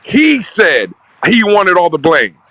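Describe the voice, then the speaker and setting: Bright-voiced man making a pointed sports argument. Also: high voice, wildly swooping pitch, slow, dry recording, rough recording. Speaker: sports show co-host. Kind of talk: heated sports talk.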